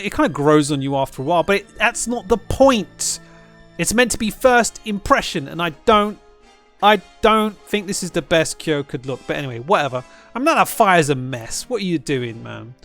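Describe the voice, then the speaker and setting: Excitable rambling male gaming host. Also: creaky. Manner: excitable, rambling, repeats himself, spikes high when hyped. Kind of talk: casual video commentary.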